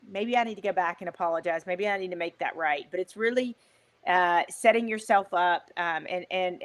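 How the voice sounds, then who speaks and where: A woman guest on an interview show, talking in an emphatic, animated, motivational way with frequent fillers. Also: fairly low pitch. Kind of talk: motivational conversational talk.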